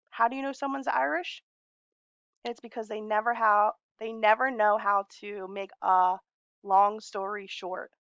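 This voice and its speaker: A woman's voice: medium pitch, fairly bright tone, no echo, lo-fi sound. A woman in her forties talking in a long, rambling, heartfelt personal message to friends, laughing often. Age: 40s.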